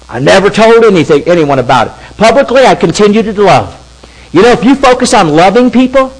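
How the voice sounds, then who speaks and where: A man in his fifties telling a story in a sermon, talking conversationally and acting out quoted speech in lively asides. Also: sits high, rough recording. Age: 50s. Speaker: preacher.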